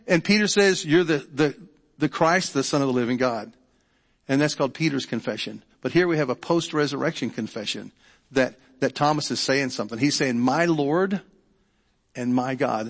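A man's voice: medium pitch, fairly quick, fairly bright tone. A middle-aged man preaching a sermon, talking in a loose conversational way, often repeating words and checking in with the congregation. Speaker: pastor. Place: church sanctuary. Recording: long church hall reverb.

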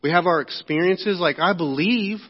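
His voice is high-pitched and husky, moving at a moderate pace, as this man preaches a sermon in his role as pastor. He keeps the tone conversational and checks in with the congregation regularly. The church sanctuary recording is echoey and dull, with a lo-fi sound.

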